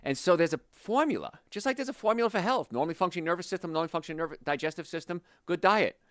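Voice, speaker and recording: A man's voice: high-pitched, racing, no echo, clean studio sound. A man hosting a health show, giving an emphatic, motivational talk straight to his listeners. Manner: emphatic, animated, speaks directly to listeners.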